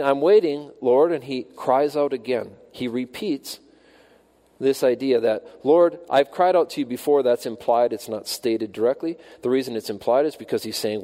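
Mellow-voiced preacher in a reverberant hall. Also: male voice. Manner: rises in pitch and volume when quoting the psalmist's cries, slows for emphasis. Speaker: pastor. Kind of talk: sermon.

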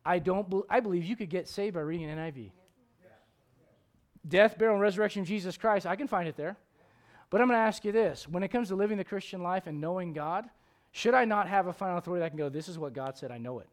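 A man preaching a sermon as pastor, swinging between loud emphatic questions and low, quiet asides. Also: fast.

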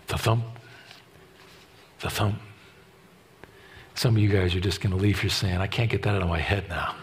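A man in his fifties preaching a sermon, emphatic and repetitive, swinging from loud declarations to hushed asides. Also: deep voice, fairly even intonation, quick pace, slight background noise. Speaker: pastor.

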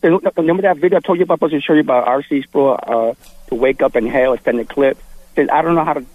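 A man calls in to a radio show with a husky, slightly rough voice. He hesitates, repeats himself and keeps agreeing with the host. The sound is dry and close, with no room echo. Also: a little high, very fast, phone-quality sound. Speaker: radio caller. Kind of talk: phone call to a radio show.

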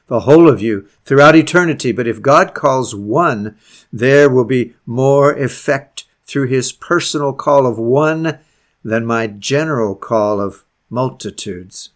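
Man preaching an emphatic sermon. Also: medium pitch. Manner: emphatic preaching, dropping to soft ends of phrases.

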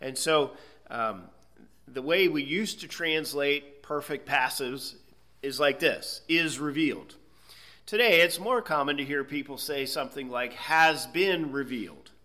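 A slightly high, sharp-toned male voice that never rushes. He's a Bible teacher delivering an expository lecture, breaking down the meanings of words step by step and pausing to check in with "okay?".

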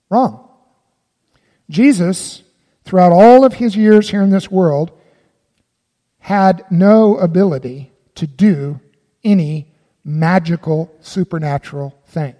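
A man's voice: fairly high pitch, mellow, big-room sound. A man preaching a sermon as pastor, emphatic and often putting questions to his listeners.

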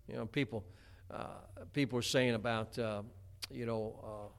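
A man's voice: medium pitch, steady tone, unhurried, vocal fry. A middle-aged man preaching a homespun sermon, chatty, with many stammered restarts. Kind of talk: folksy sermon.

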